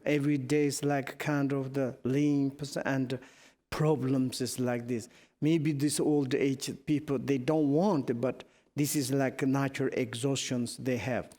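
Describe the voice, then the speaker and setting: A middle-aged man with a Tibetan accent, a Buddhist teacher giving a dharma teaching in halting non-native English, telling anecdotes with chuckles. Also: medium pitch, darkish tone. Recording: long reverb in a hall.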